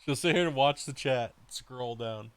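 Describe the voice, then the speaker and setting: A man's voice: medium pitch, unhurried, smooth. A young man streaming a game, chatting casually, rambling and swearing freely as he rants. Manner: rambling, profane, ranting. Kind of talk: casual chat during a live stream.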